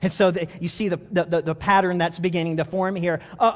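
A man's voice: high-pitched, level tone, a little fast, few pauses. A man preaching a sermon as pastor, telling stories animatedly, repeating words and chuckling, in a church sanctuary. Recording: long reverb of a big hall.

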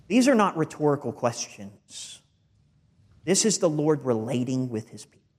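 A pastor preaching a sermon in an earnest, emphatic way, with stumbling repeated words. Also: male voice, a little high, sing-song, moderate pace, a little mellow.

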